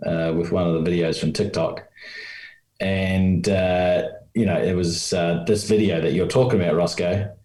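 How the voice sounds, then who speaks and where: A man co-hosts a podcast in a low, mellow voice and teases his partner. The room around him is echoey. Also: steady tone, normal speed. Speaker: podcast co-host. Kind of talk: casual chat.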